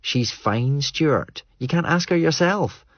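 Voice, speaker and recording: A man's voice: a little high, animated, slow, dry recording, muffled recording, voice pushed up. A man voicing a blunt, breezy young woman.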